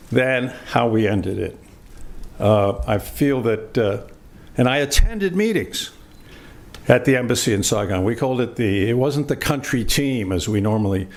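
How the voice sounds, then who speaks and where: An older man from the United States, a former diplomat, giving reflective panel remarks in a measured, halting way with frequent filler sounds. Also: mid-range voice, vocal fry.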